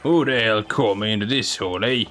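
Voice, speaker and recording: A man's voice: fairly low pitch, fast talker, fairly bright tone, soft background music, close to an everyday voice. A man voicing a tough, menacing loan shark from a video game with a put-on Brooklyn accent. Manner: menacing tough-guy growl.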